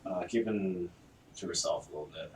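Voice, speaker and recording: A man describing his character in a tabletop game in a hesitant, soft-spoken manner. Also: deep voice, brisk. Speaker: player. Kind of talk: tabletop role-play chat. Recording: echoey room, faint noise.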